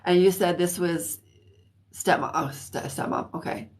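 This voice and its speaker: A woman giving a psychic reading on a live stream, thinking aloud with many restarts and often clearing her throat. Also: fairly low pitch, unhurried, a little mellow. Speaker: psychic reader. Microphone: phone or computer mic on a live stream.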